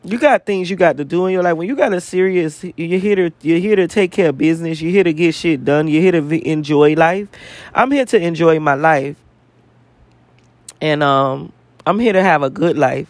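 Man, high-pitched, profane repetitive rant, dry close sound. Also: moderate pace, no echo. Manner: profane, emphatic, repeats phrases for emphasis. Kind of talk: casual spiritual rant to camera.

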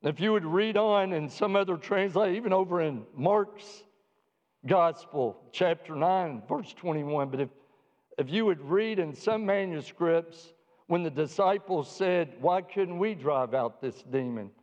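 Guy preaching, fairly high voice, slow punchy emphasis, big echoey hall, kinda muffled sound. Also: darkish tone. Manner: dramatic, emphatic delivery with slow stressed phrases. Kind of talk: sermon. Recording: dull audio with long hall reverb.

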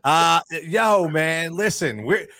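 A man's voice: fairly high pitch, animated, slow, pushed and bright, slight background noise. A man hosting a sports podcast, ranting with heat and repeating himself as he gets going. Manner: fired-up, ranting, repeats words. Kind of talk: casual sports talk with ad reads.

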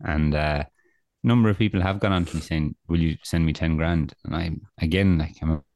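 A man's voice: extremely low pitch, fairly even intonation, normal speed, a little mellow, no room sound. A young Irish man co-hosting a podcast, talking casually and ranting with dry sarcasm. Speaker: podcast co-host. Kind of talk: casual chat.

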